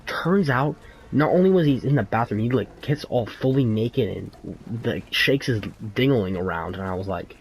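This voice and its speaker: A man's voice: mid-range voice, animated, normal speed, slight background noise, poor audio. Rambling teenage boy gaming commentator. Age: teens. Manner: rambling, many fillers and restarts; crude slang, laughs often. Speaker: gaming YouTuber. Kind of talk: casual gameplay commentary with storytelling.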